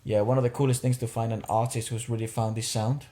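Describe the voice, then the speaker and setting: A man co-hosting a podcast, chatting in a relaxed way and swearing casually while reacting to music videos. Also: medium pitch, quick pace. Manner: laid-back, swears casually. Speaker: podcast co-host. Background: faint music from videos.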